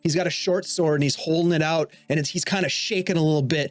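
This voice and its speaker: A man's voice: a little high, fairly even intonation, fast, few pauses, no echo. An American man narrating a tabletop role-playing game as game master, in a loose, rambling way with many fillers. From United States.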